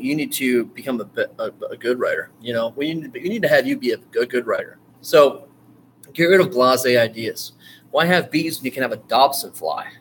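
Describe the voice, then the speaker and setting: A man teaching an online writing course in a loose, rambling way, full of fillers and restarts, now and then bursting into eager excitement. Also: mid-range voice, slight background noise. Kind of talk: casual screen-share lecture.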